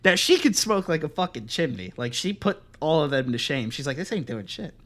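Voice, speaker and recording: A young man co-hosting a podcast, telling a story in casual, profane chat and acting out the other voices loudly. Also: on the high side, a little fast. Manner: animated, profane, acts out quoted voices loudly. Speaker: podcast co-host.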